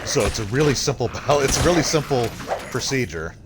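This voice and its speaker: A man's voice: mid-range voice, quick pace. A man streaming a video game, rambling and thinking aloud as he chats with his viewers. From Canada. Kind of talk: casual gameplay commentary. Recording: loud steady background noise.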